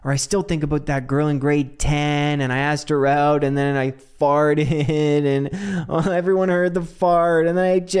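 A man with a slightly high voice hosts a solo podcast in a loose, chatty way. He talks with a lot of animation, often laughs, and swears casually as he rambles. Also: level tone, unhurried, darkish tone, clear, resonant tone. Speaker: podcast host.

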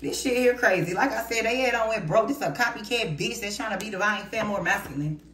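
A woman's voice: medium pitch, a little fast. A woman giving a casual tarot reading in a blunt, heated, profane way. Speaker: tarot reader. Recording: roomy, distant mic, noisy.

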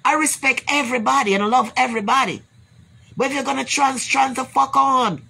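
A high-pitched voice, pushed and bright with vocal fry and a breathy edge, moves a little fast. The speaker is a Jamaican woman venting bluntly to her viewers in a profane, repetitive on-camera rant that closes with blessings.

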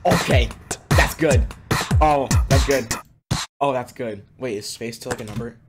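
Excitable young man over game music. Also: medium pitch, unhurried. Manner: excitable, gasping, frequent exclamations. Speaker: game reaction creator. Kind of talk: casual reaction commentary. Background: game music playing.

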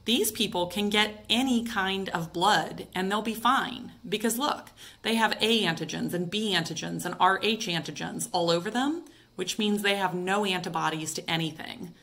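A woman with a bright, clear-toned voice explains science in a relaxed, conversational manner. She asks herself rhetorical questions and then talks through the answers like a friendly teacher. Her voice sits at an ordinary middle pitch. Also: normal speed. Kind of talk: casual explainer lesson.

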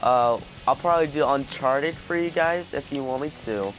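A man giving casual let's play commentary, panicking out loud and repeating his exclamations. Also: mid-range voice, moderate pace, faint music behind. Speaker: gaming video host.

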